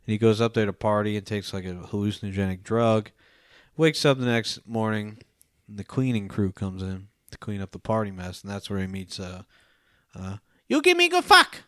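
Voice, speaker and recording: A man's voice: on the low side, fairly even intonation, normal speed, a little mellow, no room sound, studio quality. A young man co-hosting a podcast, rambling through a film review with lots of fillers and casual swearing. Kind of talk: casual profane chat.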